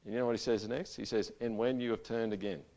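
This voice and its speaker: A man's voice: mid-range voice, steady tone, fast. Male pastor, mid-range voice, casual emphatic preaching to a congregation. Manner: conversational, swings from loud emphatic to quiet and intimate. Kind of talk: sermon. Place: church gathering.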